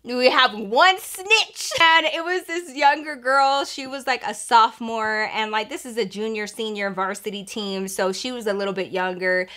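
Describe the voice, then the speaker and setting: A woman vlogger telling a casual story in an animated, chatty, profane way. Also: on the high side, normal speed, few pauses.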